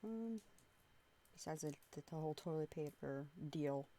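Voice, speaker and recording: A woman streamer in casual group chat, telling stories with animated quoted voices. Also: sits low, normal speed.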